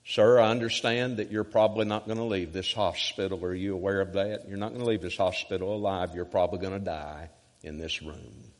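A man voicing a calm, gentle older pastor with a deep voice, speaking softly and slowly. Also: big-room sound, close to an everyday voice. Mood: soothing.

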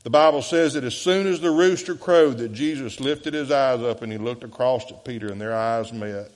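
Man, pastor, sermon, loud emphatic swells, quiet low passages, church echo. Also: normal speed. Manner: dynamic preaching, swinging between loud emphatic bursts and soft low passages. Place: church sanctuary. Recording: echoey church sanctuary.

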